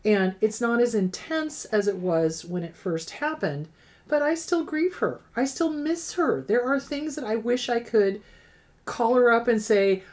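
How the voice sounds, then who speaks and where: A woman's voice: a little high, lively intonation, unhurried, a little mellow. Frank, emphatic middle-aged woman therapist. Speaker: therapist host answering viewer questions. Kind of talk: advice Q&A.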